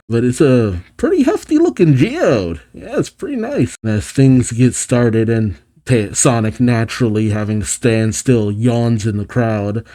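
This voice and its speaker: A man casually reading a comic aloud and reacting to it, chatty and quick to laugh. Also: medium pitch, dark tone. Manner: chatty, laughs often, narrates panels.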